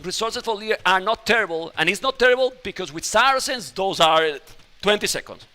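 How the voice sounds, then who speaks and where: Excitable high-voiced male esports caster. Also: a little fast. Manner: excitable, exclaims loudly at big moments. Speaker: esports commentator. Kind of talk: live game commentary.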